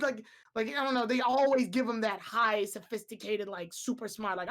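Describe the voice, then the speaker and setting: A woman's voice: a little high, normal speed. A woman co-hosting a podcast in casual chat, rambling along with lots of filler words and restarts. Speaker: podcast co-host.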